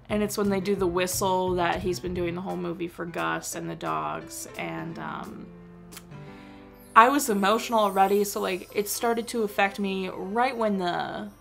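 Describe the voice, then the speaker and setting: Gravelly-voiced chatty young woman vlogger. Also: medium pitch, a bit bright. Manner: chatty, full of "like" fillers. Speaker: movie review vlogger. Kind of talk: casual movie review.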